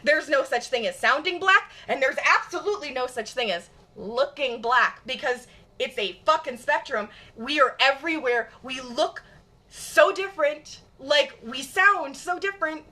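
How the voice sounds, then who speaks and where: A woman's voice: sits high, lively intonation, normal speed, sharp tone. A woman from Michigan with a general Michigan accent, chatting bluntly and emphatically with her viewers and swearing freely. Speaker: streamer. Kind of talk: casual chat with viewers.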